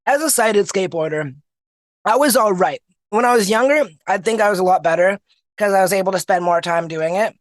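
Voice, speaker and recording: A man's voice: high-pitched, fairly quick, dry recording. A young man from Canada, a podcast guest telling stories casually and animatedly, laughing often. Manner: animated, laughs often, restarts mid-sentence. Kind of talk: casual storytelling.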